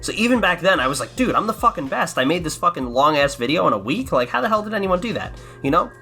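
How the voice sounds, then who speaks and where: A man's voice: on the high side, very animated, fast talker, sharp tone, soft background music. A man with an American accent hosting a casual commentary podcast, rambling and sarcastic, swearing a lot and restarting his sentences. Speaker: podcast host.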